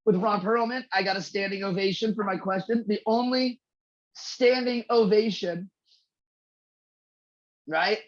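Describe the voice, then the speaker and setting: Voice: medium pitch, measured pace, long pauses. A podcast co-host telling a long story in a casual, rambling, heavily profane way. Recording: slightly dull lo-fi audio.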